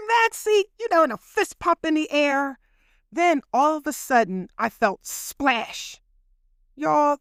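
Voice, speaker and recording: A woman host casually telling a personal story, chatty and animated, speaking straight to her listeners. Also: high voice, clear, resonant tone, dry recording, clean studio sound. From Philadelphia.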